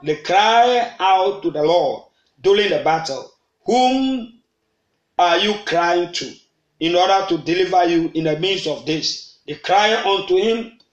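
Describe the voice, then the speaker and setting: A man's voice: high voice, animated, measured pace, reverberant, dull audio. A man preaching a midnight prayer sermon, repeating phrases and prompting the congregation to answer, sometimes slipping into tongues. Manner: slips into rhythmic tongues. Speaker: pastor.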